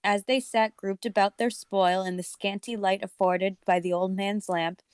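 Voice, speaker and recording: Clear-voiced woman reading a story aloud. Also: mid-range voice, no echo, studio quality. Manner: plain, even narration with joking asides. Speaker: podcast co-host reading aloud. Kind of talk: casual comedic storybook reading.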